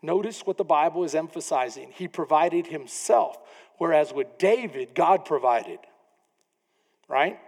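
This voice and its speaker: A man preaching a sermon as pastor, animated, often acting out the people in his story. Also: fairly high pitch, a little slow. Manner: animated preaching, acts out quoted voices. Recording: long reverb of a church hall.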